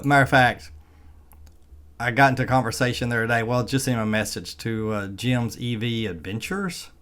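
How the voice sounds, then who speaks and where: Folksy Southern man from Arkansas. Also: medium pitch. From Arkansas, USA. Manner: folksy, plainspoken, chuckling. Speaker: EV vlogger. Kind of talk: casual vlog commentary.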